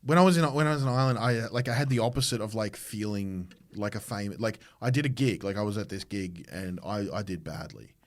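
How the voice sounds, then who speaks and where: A man's voice: on the low side, fast talker, hardly any pauses. An Australian man, a comedian hosting a podcast, telling a rambling story in casual chat with lots of restarts. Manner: rambling anecdotes with restarts and mimicked voices.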